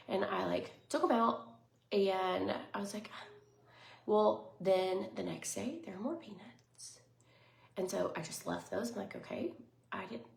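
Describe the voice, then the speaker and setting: A woman in her thirties chatting casually in a vlog, bubbly and rambling, with lots of fillers and soft whispered asides. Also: mid-range voice, lively intonation, moderate pace, gravelly. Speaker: lifestyle vlogger. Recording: echoey room, faint noise.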